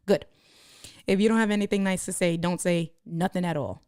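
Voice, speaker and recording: A woman's voice: mid-range voice, a little fast, warm tone, clean tone, no room sound, clean studio sound. Chatty woman live streamer. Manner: chatty, reads and answers viewer comments; demonstrates camera gear step by step. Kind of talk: casual live stream chat.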